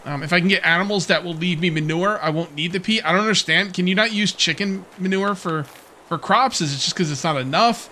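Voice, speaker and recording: Bright-voiced man musing over gameplay. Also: high voice, fairly quick, slight background noise. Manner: musing, rambling, self-questioning with soft laughs. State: hiccups. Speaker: gameplay let's player. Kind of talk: casual gameplay commentary.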